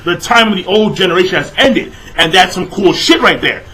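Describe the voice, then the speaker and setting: A man's voice: sits high, animated, a little fast, sharp tone, rough recording. A young man giving a casual, exasperated review of a manga chapter, swearing constantly and padding his talk with fillers. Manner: profane, exasperated, filler-heavy ranting.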